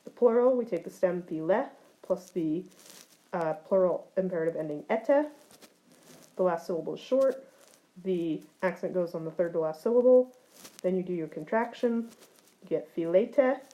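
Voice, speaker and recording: A woman's voice: on the low side, animated, normal speed, dark tone, low-quality recording. A woman teaching ancient Greek grammar in a recorded lecture, explaining forms step by step, with occasional fillers.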